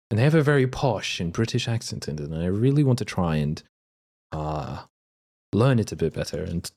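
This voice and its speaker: Animated low-voiced man. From Australia. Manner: chatty and excitable, reading chat aloud. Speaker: livestreamer. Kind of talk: casual chat with viewers.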